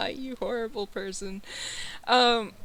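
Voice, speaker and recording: A woman narrating a tabletop game as game master, describing scenes slowly with many pauses. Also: fairly high pitch, bright, forceful tone. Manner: slow, descriptive, with fillers.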